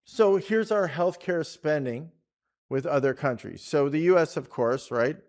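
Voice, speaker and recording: A man's voice: on the high side, unhurried, a little mellow. A man from Canada co-hosting a casual talk show on policy, chatty and rambling, often laughing. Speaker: podcast co-host. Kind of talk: casual chat about policy.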